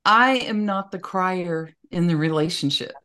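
A woman's voice: fairly low pitch, unhurried, sharp tone. A middle-aged woman co-hosting a podcast, telling personal stories in a frank, plainspoken way. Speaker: podcast co-host. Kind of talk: casual podcast chat.

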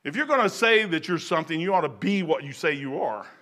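Excitable, bright-voiced older man preaching. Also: fairly high pitch, fast talker. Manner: folksy, excitable, preaching with sudden loud outbursts. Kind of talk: informal sermon.

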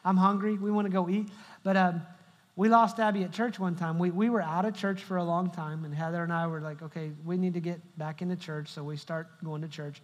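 A man's voice: high voice, fairly even intonation, a little fast. A middle-aged male pastor giving a humorous sermon, telling stories and joking with the congregation. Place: large church hall. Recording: long hall reverb.

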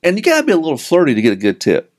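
A man's voice: a little high, huge pitch swings, racing. A middle-aged man with a Southern American accent, joking and rambling as a podcast co-host. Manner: rambling, jokey, plays voices in quotes. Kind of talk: casual podcast banter.

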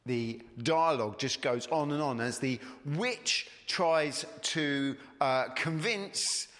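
A man's voice: on the high side, slow, a bit bright. A man preaching a sermon, conversational and digressive, retelling a story before turning to the Gospels. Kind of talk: sermon with read-aloud story. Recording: long hall reverb.

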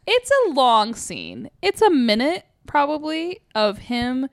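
Lively, giggly young woman co-host. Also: high voice, slow pace, no room sound, studio quality. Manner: lively, giggly, lots of fillers. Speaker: podcast co-host. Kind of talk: casual movie recap chat.

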